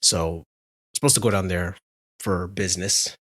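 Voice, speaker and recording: A man co-hosting a podcast, telling a story in animated casual chat, laughing often and restarting his sentences. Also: low voice, a little slow, no echo. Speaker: podcast co-host.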